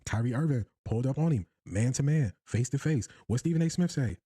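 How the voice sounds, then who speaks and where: A man's voice: medium pitch, a little fast, few pauses, husky. An American man hosting a casual sports commentary show, talking straight to his viewers and acting out the quotes he breaks down. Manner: animated, acts out quotes, addresses viewers directly.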